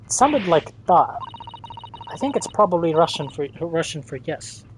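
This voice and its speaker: A man's voice: on the high side, big pitch swings, normal speed, slight background noise, rough recording. A man streaming a game, making chatty, joking asides. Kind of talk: game livestream commentary.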